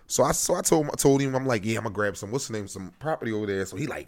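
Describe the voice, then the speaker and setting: A man co-hosting a podcast, telling stories in fast, animated casual chat. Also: medium pitch. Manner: rapid, animated storytelling. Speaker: podcast co-host.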